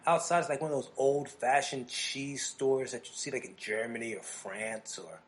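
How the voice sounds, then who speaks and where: A man from New Jersey hosts a relaxed podcast chat. He rambles through his stories, restarts his sentences and laughs easily, in an ordinary mid-range voice. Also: mid-range voice, normal speed. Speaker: podcast host. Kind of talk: casual chat.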